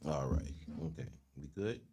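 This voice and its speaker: A man's voice: very deep voice, expressive, moderate pace, heavy background noise. A man co-hosting a casual livestream chat, joking and laughing a lot. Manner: joking, laughs often, fillers. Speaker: podcast co-host.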